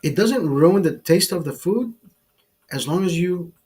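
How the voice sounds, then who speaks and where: A middle-aged man hosting a podcast, telling a profane, animated anecdote in casual chat and acting out the quotes. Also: high-pitched, unhurried, soft background music. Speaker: podcast host telling a story.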